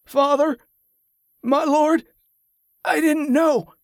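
A man voicing a delirious wounded man who cries out in high, strained bursts. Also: fairly even intonation, takes it slowly, sharp tone, dry recording, studio quality, heavily acted. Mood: frantic.

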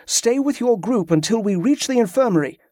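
A man's voice: sits high, lively intonation, fairly quick, no echo, studio quality, voice pushed up. A man voicing an earnest young nobleman's son. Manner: earnest, gently protesting.

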